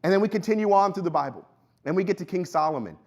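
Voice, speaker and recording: A man's voice: lively intonation, rapid-fire, lo-fi sound. Conversational young male pastor preaching. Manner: conversational, storytelling, voice drops low and quiet in anecdotes. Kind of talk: sermon. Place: church sanctuary.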